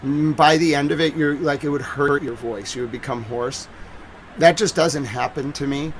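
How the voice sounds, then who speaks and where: A man's voice: on the high side, normal speed, slight background noise, poor audio. A man in his thirties with a Boston accent, talking casually on a news livestream and rambling with lots of fillers. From New England.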